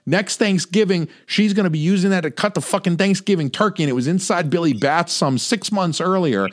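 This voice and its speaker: A man's voice: high voice, a little fast. A young man in casual film chat, swearing freely and slipping into mocking voices. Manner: animated, profane, does mocking voices.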